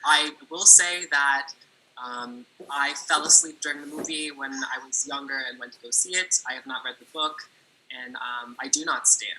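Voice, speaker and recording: A man competing as a contestant on a comedic online game show over a video call, deadpan and absurd, sometimes dropping to a whisper. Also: mid-range voice, normal speed, a little hiss or hum, rough recording.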